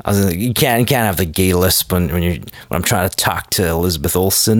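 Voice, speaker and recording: A man's voice: low voice, a little fast, hardly any pauses, no echo. A man hosting a comedy podcast, rambling through jokes in a self-mocking way. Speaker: podcast host.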